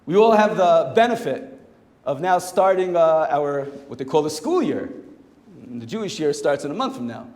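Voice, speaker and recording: A man, a rabbi, teaching a Torah class in a lively, animated way and acting out the quoted voices. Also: a little high, moderate pace. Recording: echoey hall with long reverb.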